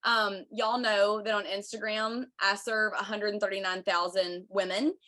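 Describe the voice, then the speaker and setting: A woman's voice: medium pitch, flat delivery, unhurried, pushed and bright. A woman, hosting a chatty, bubbly livestream for her viewers. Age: 30s. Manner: bubbly, chatty, says y'all a lot. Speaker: podcast host.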